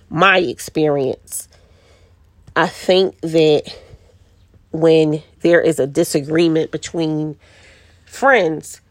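A woman's voice: sits low, dry recording. A middle-aged woman hosting a podcast, chatting in a casual solo monologue, full of "you know" and restarts. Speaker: podcast host. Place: quiet spot with birds outside.

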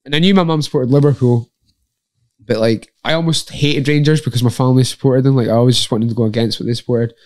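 A Scottish man in an easygoing podcast chat, animated and quick to laugh, acting out the people in his stories. His voice sits in the middle of the range and sounds close and dry, with no room around it. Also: medium pitch, dry recording. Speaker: podcast guest, MMA fighter and coach. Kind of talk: casual chat, lively storytelling.

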